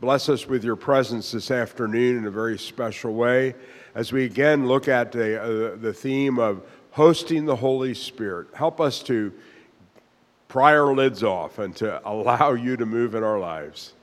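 A man leading an opening prayer, soft-spoken and a little hesitant. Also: mid-range voice, measured pace. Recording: long hall reverb.

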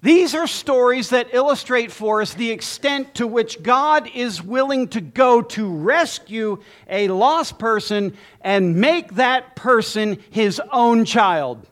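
A man preaching a sermon as pastor, emphatic with dramatic pauses and lists. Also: extremely high pitch, a bit bright.

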